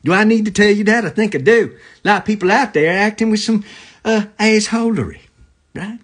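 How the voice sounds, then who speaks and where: A man's voice: high voice, a little fast, fairly bright tone. A man hosting a comedy live stream into a phone camera, rambling from joke to joke and greeting viewers as they join.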